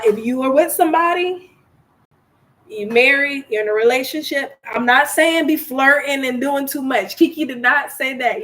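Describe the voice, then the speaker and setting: A woman's voice: on the high side, fairly bright tone. A young woman hosting a live online workshop, chatty and playful, who laughs often and acts out quoted lines in little voices. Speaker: workshop host.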